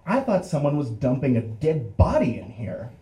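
A man's voice: mid-range voice, moderate pace. A young adult man telling a first-person story, acting out the voices of the people in it. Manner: animated, acts out voices in the story and laughs through it. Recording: roomy echo.

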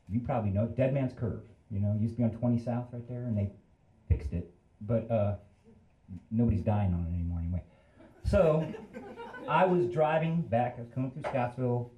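A man's voice: mid-range voice, fairly quick, echoey room, lo-fi sound. A man in his fifties telling a story on a live stage in a casual, rambling, self-deprecating way. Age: 50s.

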